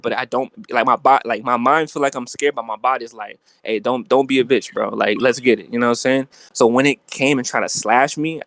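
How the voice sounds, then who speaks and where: A young man telling a dream story in a casual, slangy, animated way, with lots of fillers. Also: medium pitch, dry recording.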